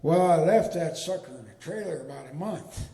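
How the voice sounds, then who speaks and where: An older man telling a comic story on stage in a folksy, deadpan drawl. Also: on the high side, normal speed, vocal fry, a little hiss or hum. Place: arts venue stage with a live audience. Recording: echoey hall with long reverb.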